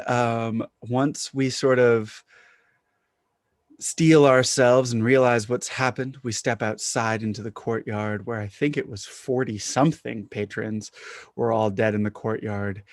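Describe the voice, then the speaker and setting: Man calmly recapping the last session. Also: fairly low pitch, takes it slowly, no room sound, clean studio sound. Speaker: player. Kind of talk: recapping a tabletop game.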